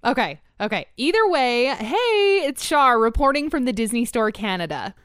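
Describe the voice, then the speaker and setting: Smooth-voiced woman giving a mock news report. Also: on the high side, big pitch swings, normal speed, fairly bright tone, no echo, clean studio sound. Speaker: comic field reporter. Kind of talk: comic in-character banter.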